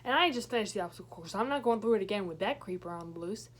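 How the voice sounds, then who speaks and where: A young woman vlogger telling a personal story in a chatty way, with many fillers and animated quoting. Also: medium pitch, rapid-fire, breathy edge. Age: young adult. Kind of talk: storytime vlog.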